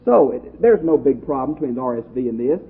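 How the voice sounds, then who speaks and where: Male pastor, Bible study class, husky, animated delivery, tinny lo-fi audio. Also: mid-range voice, fast talker. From Texas. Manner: lively, conversational, asks the class questions. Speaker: pastor teacher.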